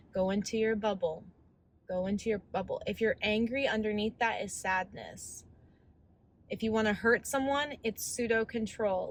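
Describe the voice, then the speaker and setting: A woman's voice: medium pitch, slight background noise, low-quality recording. A woman in her thirties in a casual, candid vlog rant, rambling as she coaches herself through her thoughts. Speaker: vlogger.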